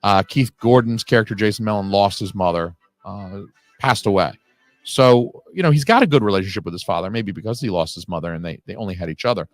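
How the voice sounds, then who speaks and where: A man's voice: fairly low pitch, lively intonation, quick pace, dry recording. A man hosting a casual audio commentary on a film, talking in a rambling, analytical way with the odd swear word.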